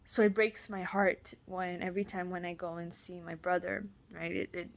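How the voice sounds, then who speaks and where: A young woman from Canada talking in a personal faith vlog, halting, with many fillers and restarts. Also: lowish voice, level tone, creaky. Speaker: vlogger.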